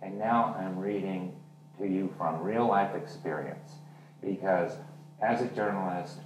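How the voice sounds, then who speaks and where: A male author and journalist speaks candidly and casually about his novel at a reading, acting out the dialogue as he tells the story. His voice is low and a little slow, recorded from far off in a roomy literary venue hall with faint noise.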